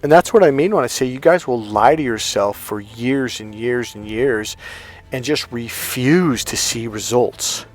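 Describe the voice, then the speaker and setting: A man of middle pitch talks as a dating coach, telling a story straight to the camera. His delivery is blunt and emphatic, with casual swearing along the way. Soft music plays faintly behind him. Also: measured pace.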